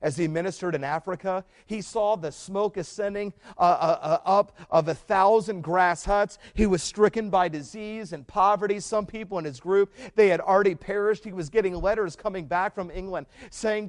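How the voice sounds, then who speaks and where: A man preaching a sermon as pastor, swinging from hushed stretches to loud emphatic climbs. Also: high voice, moderate pace, hardly any pauses.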